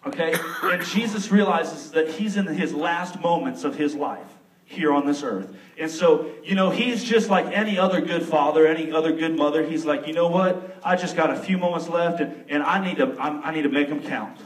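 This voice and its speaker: A young man preaching a sermon with a Texan accent, acting out the figures of his story with sudden loud bursts. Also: a little high, moderate pace, recorded from a distance. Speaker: pastor. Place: church sanctuary. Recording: echoey room, mic some way off.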